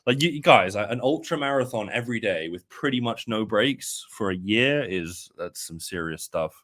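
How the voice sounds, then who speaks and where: Laid-back man, lowish voice. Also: normal speed. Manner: relaxed, laid-back, says mate a lot. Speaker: crypto show co-host. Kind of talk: casual chat.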